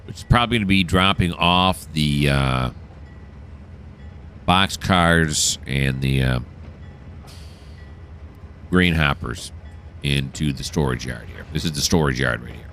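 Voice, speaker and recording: A man's voice: extremely low pitch, measured pace, pauses often, fairly bright tone, slight background noise. A man narrating a train simulator game as he plays, thinking aloud and correcting himself. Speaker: gameplay commentator. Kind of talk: relaxed let's-play narration.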